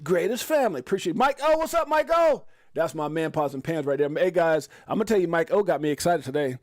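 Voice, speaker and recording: A man hosting a casual live stream, excitable and joking, often exclaiming as he runs through prices. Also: on the high side, fast. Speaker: crypto live stream host.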